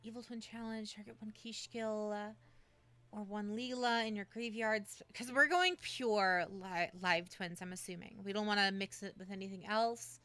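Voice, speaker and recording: A woman's voice: medium pitch, normal speed, fairly bright tone. A woman streamer in casual livestream chat, coaching a friend through building a deck, with many fillers and restarts.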